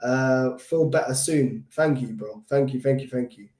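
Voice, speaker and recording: A London man hosting a football fan channel, chatting casually with his live chat, slangy and animated, still short of breath from covid. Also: medium pitch, a little slow, reverberant.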